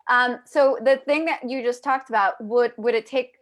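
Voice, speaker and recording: Chatty higher-voiced woman host. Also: steady tone, normal speed. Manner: chatty, addresses viewers directly, many restarts. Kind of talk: casual live video chat.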